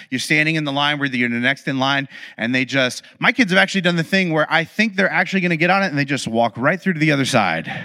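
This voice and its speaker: A man giving a conversational storytelling talk to an audience, animated and humorous, with confiding asides. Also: on the high side. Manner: animated, acts out quoted dialogue. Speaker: speaker addressing an audience.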